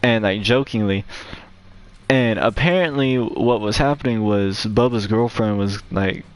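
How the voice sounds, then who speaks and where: A gaming channel host tells a rambling, profane story in casual chat, his lowish voice clean and a little slow. He leans on frequent fillers and acts out quotes in a raised voice.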